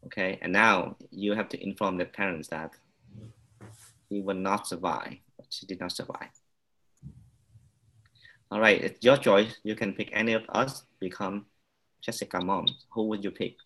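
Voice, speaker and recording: A man instructor runs the class briskly and keeps it moving. His voice sits low. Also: fairly even intonation, fairly bright tone. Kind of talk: classroom facilitation.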